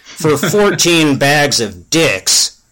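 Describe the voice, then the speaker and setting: A man reading a crude comic fantasy story aloud in a deadpan, mock-epic way. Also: on the high side, very slow. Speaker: story reader.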